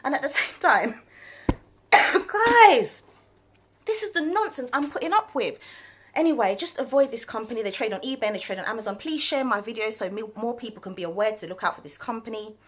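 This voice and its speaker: A woman's voice: a little high, expressive, a little fast, fairly bright tone. A woman, a vlogger and mum, telling a story to camera in an indignant, rambling way. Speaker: vlogger and small business owner. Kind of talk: casual chat to camera.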